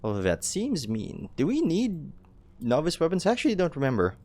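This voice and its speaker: A man's voice: a little high, huge pitch swings, fairly quick, mellow. A tired young man hosting a let's play, rambling casually through tangents and swearing now and then, with faint music behind. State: tired, late night. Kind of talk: casual gameplay commentary.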